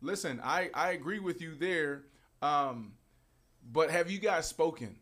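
A man's voice: a little high, animated, measured pace, a bit bright. A man co-hosting a podcast, asking questions in a casual, slangy way. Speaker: podcast co-host.

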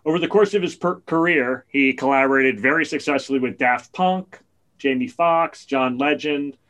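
A man on a podcast, telling a long story in a casual, animated way. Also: mid-range voice, moderate pace. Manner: animated storyteller, gets excited and loud at punchlines. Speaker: podcast co-host. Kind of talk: casual chat.

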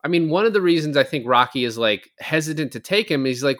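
A man's voice: on the high side, animated, fast talker, few pauses, fairly bright tone. A man co-hosting a casual movie podcast, retelling scenes and acting out the lines, swearing casually. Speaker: podcast co-host. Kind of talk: casual movie review chat.

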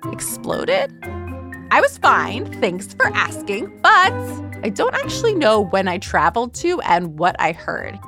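A woman hosting a children's show, narrating in a playful, jokey, teacherly way. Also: on the high side. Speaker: kids' show host. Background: background music.

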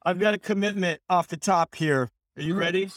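A man co-hosting a podcast, speaking deliberately with wry humor. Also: sits high, no room sound, clean studio sound. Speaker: podcast co-host. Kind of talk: casual podcast chat.

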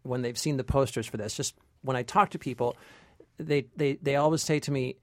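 A man co-hosting a casual movie chat as a film critic, playful and quick to laugh. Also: mid-range voice, fairly even intonation, darkish tone, no echo.

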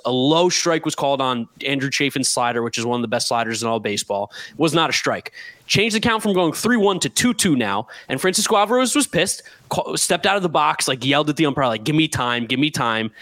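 A man's voice: a little high, fairly bright tone, no echo. A man co-hosting a podcast in casual sports chat, upbeat and stat-minded. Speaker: podcast co-host.

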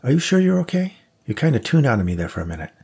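A man voicing a chatty, quick-witted young woman in an audiobook, with a lilting, cheeky delivery. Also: medium pitch, big pitch swings, creaky, dark tone, husky, pitched above the performer's own voice, heavily acted. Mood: perky. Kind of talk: audiobook character voice.

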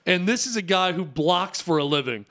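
A man's voice: high-pitched, animated, moderate pace, fairly bright tone. Chatty male sports radio co-host. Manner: chatty, amused, explains context. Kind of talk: casual sports talk.

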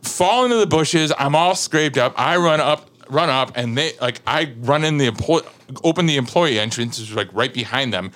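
This man's mid-range voice moves at a moderate pace as he recounts a long story in casual conversation. He is in his thirties, appearing as a podcast guest, and tells it with animation, frequent laughter and plenty of "like" fillers.

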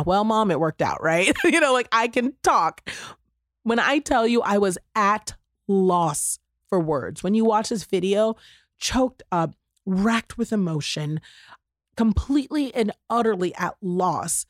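A woman hosting a casual podcast chat, telling a story in an animated way and using lots of "y'all" and "like". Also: mid-range voice, unhurried, no room sound, clean studio sound. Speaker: podcast host.

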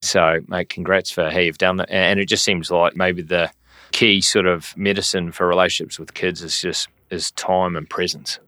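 A man's voice: low-pitched, little pitch movement, moderate pace, pushed and bright, no echo, clean studio sound. A man hosting an interview, affirming his guest with frequent short hums. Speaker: podcast host. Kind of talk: interview conversation.

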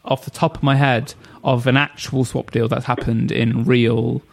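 A man's voice: mid-range voice, flat delivery, normal speed, creaky. A man as a podcast guest, rambling and thinking aloud about football. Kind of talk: casual football chat.

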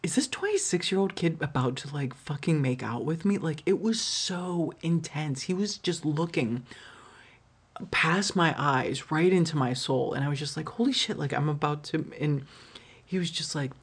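A woman's voice: low voice, normal speed, husky. A woman hosting a solo podcast, telling candid, profane stories with lots of "like", restarts and laughter. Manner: candid and profane, heavy filler "like"; frequent laughter, trailing restarts. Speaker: podcast host.

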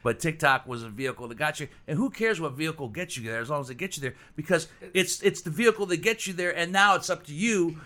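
Bright-voiced rambling interviewer. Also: male voice, on the high side. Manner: rambling, repeats words, draws out questions slowly. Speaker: podcast host. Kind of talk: interview questioning.

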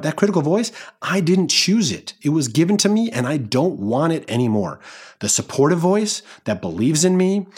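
A man's voice: mid-range voice, darkish tone, slightly rough. A man in his thirties hosting a solo motivational podcast, talking in an earnest, encouraging way. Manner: earnest, encouraging, with frequent restarts. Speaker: podcast host.

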